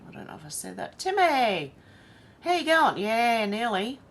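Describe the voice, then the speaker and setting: An Australian woman hosts a casual livestream, chatting and reading viewer comments aloud one after another. Her voice is fairly high with big swings in pitch, her pace moderate, and there's a little hiss or hum in the audio.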